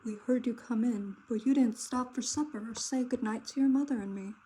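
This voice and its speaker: Storybook father rabbit, gentle, soothing, slow, woman putting him on. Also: fairly high pitch, slight background noise, close to an everyday voice, poor audio. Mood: concerned.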